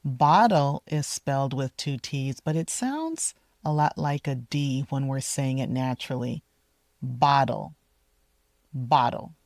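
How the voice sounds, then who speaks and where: A woman teaching English pronunciation outdoors in a park, speaking deliberately and repeating each model word slowly. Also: a bass voice, animated, a little mellow, dry recording. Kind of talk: slow, careful pronunciation lesson. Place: outdoors in a park, walking with her dog.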